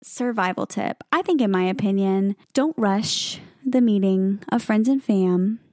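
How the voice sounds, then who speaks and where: A woman's voice: mid-range voice, unhurried, dark tone, no room sound, clean studio sound. A young woman co-hosting a podcast, chatting casually with plenty of fillers and laughs. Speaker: podcast co-host. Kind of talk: casual chat.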